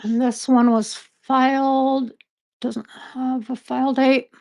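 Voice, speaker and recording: A woman's voice: sits high, level tone, takes it slowly, vocal fry, a little mellow, dry recording. A woman hosting a casual true crime discussion who reads from case documents, hesitant and full of fillers, and says she is losing her voice. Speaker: podcast host. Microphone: own microphone.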